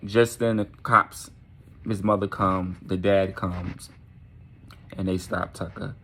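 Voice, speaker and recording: A man telling a dark story in a casual, animated storytime manner, profane and often asking "right?". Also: low-pitched, slow, slight background noise.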